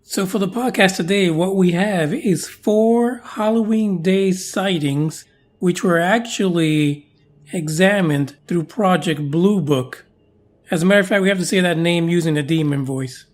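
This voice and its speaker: A man's voice: sits high, unhurried. A man hosting a podcast in a casual, jokey, chatty way with playful asides. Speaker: podcast host.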